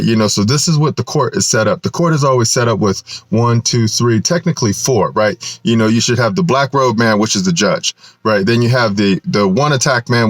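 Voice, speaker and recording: A man's voice: lowish voice, no room sound. A man giving a rambling, preachy solo talk to his channel, tagging nearly every point with "right?" and chuckling now and then. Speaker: channel host. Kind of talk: casual rambling monologue.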